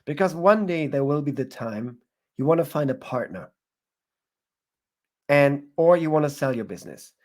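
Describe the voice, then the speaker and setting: A man's voice: a little high, expressive, moderate pace, pauses often, darkish tone. A man giving advice as a guest in an interview, often restarting his phrases as he searches for words. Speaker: guest entrepreneur. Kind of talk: casual interview answers.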